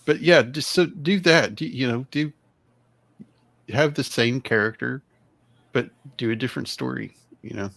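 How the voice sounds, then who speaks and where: Gravelly-voiced male podcast host. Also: mid-range voice, normal speed, long pauses, fairly bright tone. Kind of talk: casual chat.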